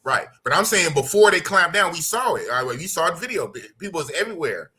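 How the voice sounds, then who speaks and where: A middle-aged man hosts a casual podcast. His voice is bright and forceful and sits a little high. He talks bluntly in slang and repeats his points. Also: very animated, fast talker, slightly rough. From United States. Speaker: podcast host. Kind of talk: casual podcast talk reading live chat.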